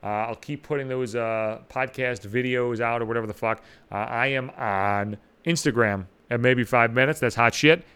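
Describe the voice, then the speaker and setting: A man's voice: normal speed, hardly any pauses, clear, resonant tone. A man hosting his own podcast, ranting in a profane comic monologue with lots of swearing. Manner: rants with heavy swearing, animated swings in pitch. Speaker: podcast host.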